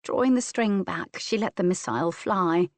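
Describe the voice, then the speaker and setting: A woman narrating a historical romance audiobook in an even, measured way. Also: on the low side, no echo. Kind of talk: scripted narration.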